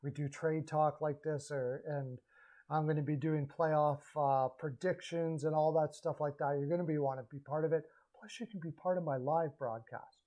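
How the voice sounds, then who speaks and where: A man's voice: a little high, moderate pace, poor audio. A man giving casual solo hockey trade commentary, rambling and correcting himself as he goes. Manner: rambling, self-correcting, animated asides. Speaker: hockey podcaster.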